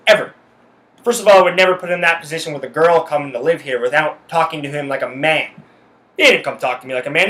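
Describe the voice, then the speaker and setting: A man's voice: on the high side, bright, forceful tone. A man telling a heated story on his podcast, swearing constantly and repeating himself as his anger builds. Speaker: podcast host. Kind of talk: angry personal rant. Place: his home.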